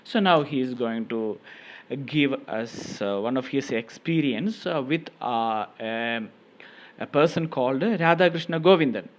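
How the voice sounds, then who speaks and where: A man's voice: medium pitch, expressive, a little slow. A male teacher with an Indian English accent, reading a textbook aloud and explaining it line by line with many fillers. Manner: reads a sentence, then paraphrases it with many fillers.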